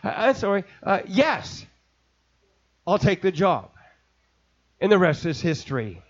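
High-voiced man preaching a fiery sermon. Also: very animated, measured pace, lo-fi sound. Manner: impassioned preaching, climbing to shouts. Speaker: pastor.

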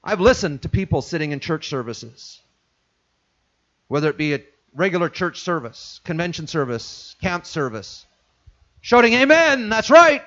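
A man preaching a sermon as a pastor, who acts out the inner voices of his listeners and drops to a hush for them. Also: fairly high pitch, lively intonation, moderate pace, highs cut off.

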